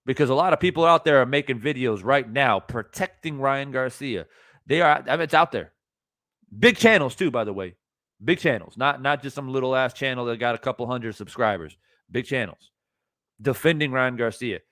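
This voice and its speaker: A man's voice: medium pitch, moderate pace, a bit bright, no room sound, clean studio sound. Blunt, profane man ranting live. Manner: blunt, profane, repeats points for emphasis. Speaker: streamer reacting to boxing news. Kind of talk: live-stream reaction rant.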